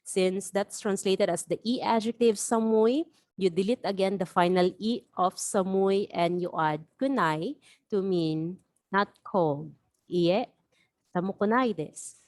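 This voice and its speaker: A woman teaching a beginner language lesson, explaining patiently and repeating example phrases slowly. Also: medium pitch, a little mellow, no room sound, studio quality.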